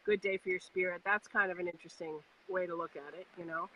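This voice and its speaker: A woman's voice: lowish voice, steady tone, fast talker, sharp tone, poor audio. A woman hosting a podcast, speaking in a reflective, encouraging way. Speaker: podcast host. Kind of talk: casual heartfelt conversation.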